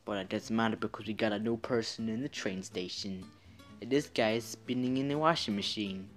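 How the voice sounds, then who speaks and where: A man's voice: on the low side, fairly quick, fairly bright tone, soft background music. A man giving let's-play commentary, muttering to himself and swearing casually as he plays. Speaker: gaming video creator.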